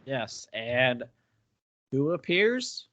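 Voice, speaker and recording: A man co-hosting a podcast, chatting about a book in a relaxed, playful way. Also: mid-range voice, no room sound. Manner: relaxed, quick to agree, playful. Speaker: podcast co-host. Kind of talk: casual book review chat.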